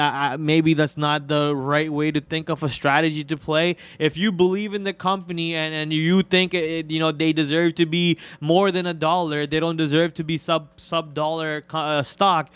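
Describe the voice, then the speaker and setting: Male co-host, live trading talk, rambling and self-mocking; clear, dry, slightly high voice. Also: level tone, moderate pace, hardly any pauses, fairly bright tone, no echo. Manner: rambling, many fillers and restarts; self-mocking jokes about his trades. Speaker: co-host trader. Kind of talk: live trading show chat. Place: studio.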